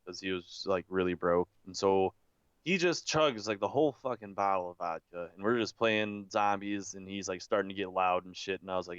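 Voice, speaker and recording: A young man with a low, smooth voice spins a rambling story in casual podcast chat. He swears freely and leans on "like" constantly. The sound is dry and a little dull. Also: fairly quick, a bit bright, dry recording. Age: young adult. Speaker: podcast co-host.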